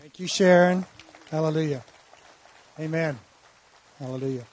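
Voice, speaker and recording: A man hosting a faith program, preaching to encourage his listeners in a quick, emphatic delivery. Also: a little high, darkish tone. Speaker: host.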